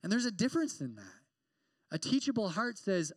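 High-voiced, lively young preacher man. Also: a little fast, no echo. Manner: animated, joking, acts out quoted exchanges. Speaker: campus pastor. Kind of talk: sermon.

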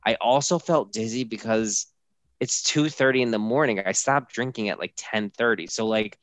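A man with a lowish voice tells a story on a podcast, animated and quick to act out the voices of the people in it. His voice is recorded dry and close, with no room sound around it. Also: no echo. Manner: animated, acts out quoted voices. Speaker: podcast co-host. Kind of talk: casual storytelling chat.

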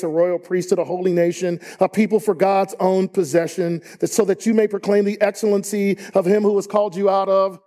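High-voiced preaching man, emphatic. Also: warm tone. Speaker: pastor. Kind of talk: sermon. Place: church sanctuary.

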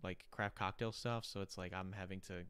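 A man's voice: low voice, fairly even intonation, brisk, a bit bright, clear, resonant tone, dry recording. A man hosting a casual podcast chat who asks curious questions, restarts often and swears freely. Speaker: podcast host.

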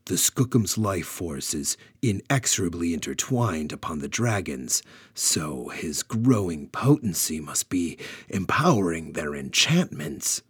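A man's voice: low voice, sing-song, a little slow, breathy edge, dry recording, studio quality, exaggerated voice. A man voicing an earnest female warrior who rides a great owl, in a storybook reading. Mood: alarmed. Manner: earnest, urgent.

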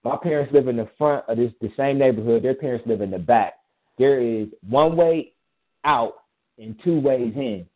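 A man's voice: medium pitch, normal speed. A man in casual chat, telling a personal story in a rambling, emphatic way with frequent restarts. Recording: tinny phone-line sound.

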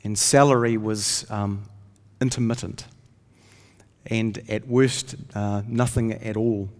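A man's voice: on the low side, steady tone, slow, a little mellow. Earnest man preaching in echoing hall. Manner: earnest storytelling, rises when reading scripture. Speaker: pastor. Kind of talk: sermon. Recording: long hall reverb.

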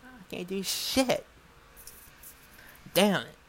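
A man's voice: sits high, expressive, very slow, a bit bright. A man telling a rambling, profane story and acting out every line of dialogue. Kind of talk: casual spoken storytelling.

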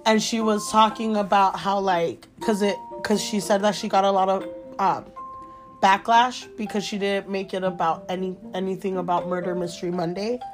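A young woman talks casually on a podcast with her sister, rambling along with plenty of fillers. Her voice sits at a middle pitch for a woman. Faint music plays underneath. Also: flat delivery, normal speed. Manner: chatty, rambling, many fillers. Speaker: podcast co-host. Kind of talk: casual chat.

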